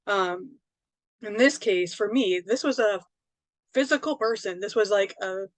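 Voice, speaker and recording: A woman's voice: medium pitch, a little slow, no room sound. A woman, a psychic medium and author, telling a personal story in a casual, rambling way, full of fillers and tag questions.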